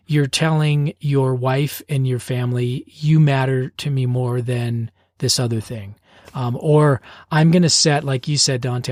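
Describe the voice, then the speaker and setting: A man's voice: medium pitch, no echo, clean studio sound. A man co-hosting a faith podcast, speaking in a reflective, sincere way with frequent hesitations. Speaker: podcast co-host. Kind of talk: conversational podcast talk.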